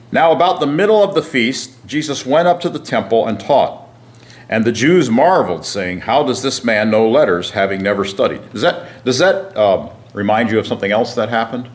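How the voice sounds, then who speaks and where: A man teaching a Bible class, reading scripture aloud and asking his listeners questions, often clearing his throat. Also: medium pitch. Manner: frequent throat clearing and restarts.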